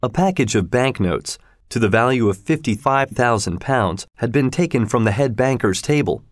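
Male storybook narrator, mid pitch, steady, dry close sound. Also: moderate pace, no echo.

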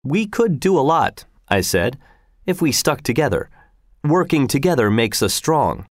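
A man's voice: mid-range voice, very animated, unhurried, no echo, studio quality, voice pushed up. A man voicing an earnest, indignant patriot. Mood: recounting. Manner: earnest, self-satisfied recounting.

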